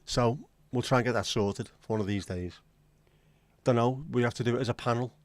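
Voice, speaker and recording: A man's voice: medium pitch, brisk, no echo. A man hosting a casual livestream, chatting to viewers with crude, self-mocking jokes. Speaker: livestream host.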